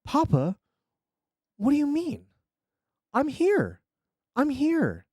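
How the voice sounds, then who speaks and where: A man's voice: very high voice, wildly swooping pitch, takes it slowly, darkish tone, dry recording, clean studio sound, voice pushed up, exaggerated voice. A man voicing a frightened nine-year-old boy who speaks with a Russian accent and pleads plaintively. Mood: pleading.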